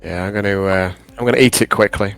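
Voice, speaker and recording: A man playing a tabletop role-playing game, talking in a hesitant, halting way full of fillers. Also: fairly low pitch, steady tone, creaky, faint music behind. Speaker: player. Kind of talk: casual tabletop play.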